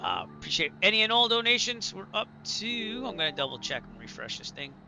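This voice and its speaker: A man live-streaming flight sim commentary, excitable, effusive and grateful, chatting and thinking aloud as he sets things up. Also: sits high, a little fast, vocal fry, over music.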